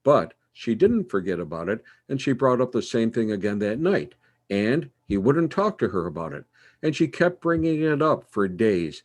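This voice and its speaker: A man's voice: fairly low pitch, moderate pace. A man hosting his own show and telling jokes in a playful storytelling way. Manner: animated, playful delivery.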